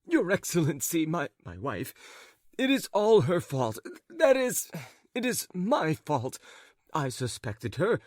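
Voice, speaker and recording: A man's voice: a little high, huge pitch swings, slow pace, no room sound, studio quality, full character voice. A man voicing a flustered, jealous husband who stammers and fawns as he babbles on. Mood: flustered fawning.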